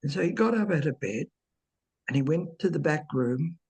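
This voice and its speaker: A woman slowly recounting a personal ghost story in casual conversation, hesitant, with fillers and repeated words. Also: low voice, animated, a little mellow, slightly rough. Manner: unhurried, dwelling on details. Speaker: medium telling her own ghost stories.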